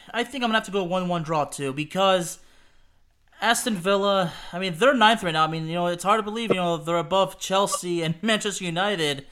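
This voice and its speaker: A man's voice: sits high, bright, forceful tone. A man co-hosting a casual football prediction chat, hesitant and repeating words, laughing often. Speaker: podcast co-host.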